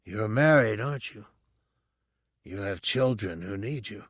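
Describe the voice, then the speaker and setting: A man voicing an armored male bounty hunter, cold and terse, whose harsh, raw voice drops to a soft hush. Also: medium pitch, unhurried, no echo, studio quality, natural voice.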